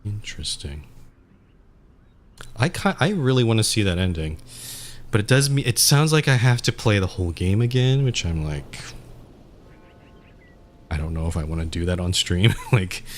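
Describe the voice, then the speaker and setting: A man's voice: fairly low pitch, expressive, normal speed, long pauses, slight background noise. A male streamer giving rambling gameplay commentary, often cutting himself off mid-thought. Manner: rambling, self-interrupting.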